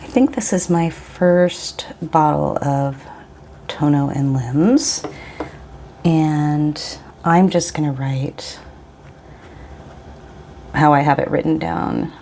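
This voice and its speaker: A woman in her forties talks through her new inks in a relaxed, rambling way and sometimes cuts herself off mid-thought. Her voice sits a little low and has a gravelly edge, and she never rushes. A faint hiss runs under the recording. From Pacific Northwest of the US. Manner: chatty, rambling, self-interrupting. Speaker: vlogger. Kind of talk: casual chat while swatching inks.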